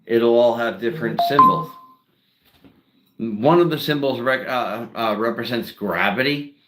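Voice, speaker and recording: Slow-talking rambling man streaming. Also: mid-range voice, over loud music. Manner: rambling, filler-heavy, self-interrupting. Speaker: streamer and singer-songwriter. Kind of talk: casual solo live stream chat.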